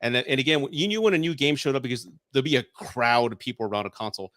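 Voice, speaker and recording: A man's voice: mid-range voice, expressive, fast talker, a bit bright, no room sound, studio quality. A man in his forties, a guest on a casual podcast chat, telling nostalgic stories with many restarts. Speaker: guest reviewer.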